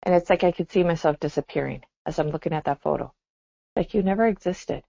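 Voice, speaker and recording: Reflective woman podcaster, low, lo-fi. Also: quick pace, gravelly, warm tone, no room sound. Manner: reflective, exclaims and laughs often. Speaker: podcast co-host. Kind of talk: casual chat. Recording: dull dry lo-fi sound.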